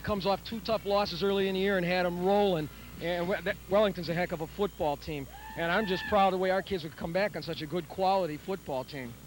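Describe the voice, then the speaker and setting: A man coaching high school football, speaking graciously and plainly in a postgame interview. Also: fairly even intonation, fairly quick, faint music behind, low-quality recording. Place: outdoor football field.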